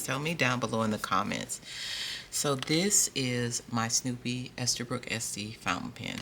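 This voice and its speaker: A man talks through a stationery haul in an easygoing vlog style, often repeating his phrases and speaking directly to the people watching. His voice is gravelly with a sharp, bright edge. A faint noise sits underneath it. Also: medium pitch. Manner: chatty, repeats phrases, talks straight to viewers. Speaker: stationery vlogger. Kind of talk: casual unboxing haul video.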